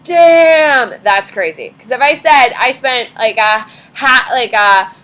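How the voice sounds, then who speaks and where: A woman's voice: on the high side, unhurried, bright, forceful tone, low-quality recording. A woman teacher giving a casual classroom lecture, chatty and sarcastic, swearing offhandedly as she talks to students.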